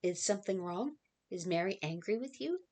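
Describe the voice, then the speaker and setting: A woman's voice: mid-range voice, animated, moderate pace, darkish tone, lightly acted. A woman reading aloud as a prying villager who asks probing questions in a raised voice.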